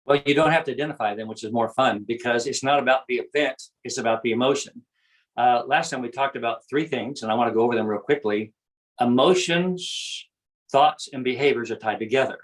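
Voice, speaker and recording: A man's voice: medium pitch, a little fast, rough recording. A man talking through ideas as a guest, explaining earnestly and often repeating his phrases. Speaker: guest speaker on self-awareness. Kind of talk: conversational explaining.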